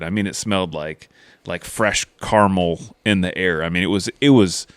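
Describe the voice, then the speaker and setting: A man with a very low voice, smooth and resonant, tells hunting stories in a loose, chatty way. He rambles, gets animated and swears casually. The sound is dry and close, with no room echo. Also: normal speed. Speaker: podcast host.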